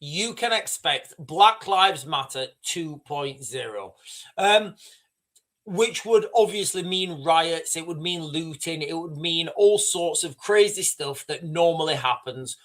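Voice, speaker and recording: Guy livestreaming news reactions, highish voice, rambles and repeats himself a lot. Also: expressive, slow, a bit bright. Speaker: livestream host. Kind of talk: live news commentary.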